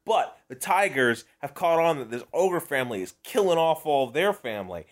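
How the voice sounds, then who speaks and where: A man's voice: a little high, big pitch swings, normal speed. A man co-hosting a podcast, riffing playfully in casual comedic chat and swearing freely. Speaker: podcast co-host.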